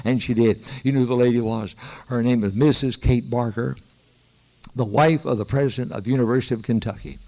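Older man, gravelly voice, emphatic preaching, storytelling sermon. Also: mid-range voice, fairly quick, a little mellow. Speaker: pastor.

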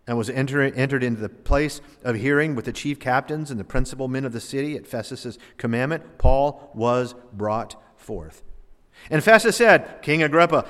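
Man preaching, dramatic swings from loud to hushed, long hall reverb. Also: medium pitch. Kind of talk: sermon reading and expounding scripture.

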